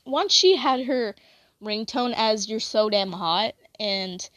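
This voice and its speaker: A woman's voice: mid-range voice, animated, slow, a bit bright, no echo, clean studio sound. A young woman chatting casually, rambling with lots of "like" and self-corrections.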